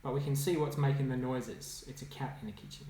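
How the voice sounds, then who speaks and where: A man, a children's author, reading his own picture book aloud with playful, animated commentary and sound effects. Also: medium pitch, fairly quick. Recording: echoey room, faint noise.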